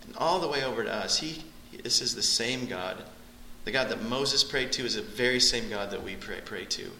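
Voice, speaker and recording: A man teaching through a Bible passage with a very bright, forceful tone. His delivery is animated, rising sharply in pitch when he drives a point home. The room around him rings with echo, and a faint hiss sits underneath. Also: normal speed. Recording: echoey room.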